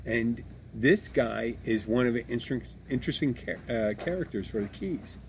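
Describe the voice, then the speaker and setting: A Philadelphia man co-hosts a podcast in a mid-range, animated voice at normal speed, with slight background noise. His casual chat is blunt and full of swearing and rambling restarts.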